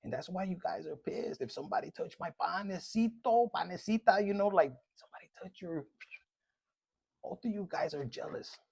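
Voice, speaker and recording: The tarot reader here is a man giving a relaxed collective reading, joking, swearing bluntly and using Spanish slang as he slowly reads card messages aloud. His voice is high-pitched yet husky and darkish, with vocal fry and no echo.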